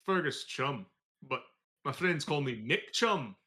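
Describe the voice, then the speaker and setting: A man's voice: on the high side, expressive, slow pace, bright, forceful tone, voice pushed up, exaggerated voice. A man voicing a squat, offhand male bartender with a Scottish accent that slips toward Irish. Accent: Scottish, slipping toward Irish.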